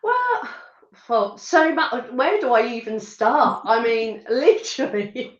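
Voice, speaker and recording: Woman guest with a Suffolk twang, chatty, laughs easily, slightly high voice on a dull, roomy call line. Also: expressive. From rural Suffolk, England. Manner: chatty, laughs often, halting restarts. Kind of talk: casual interview chat.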